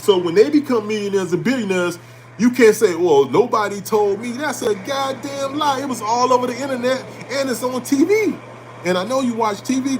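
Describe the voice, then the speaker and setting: Emphatic high-voiced man preaching about money. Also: a little hiss or hum. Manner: preachy and emphatic, repeating lines for effect; blunt, with casual swearing and colloquial grammar. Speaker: host. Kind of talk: animated motivational talk on finance.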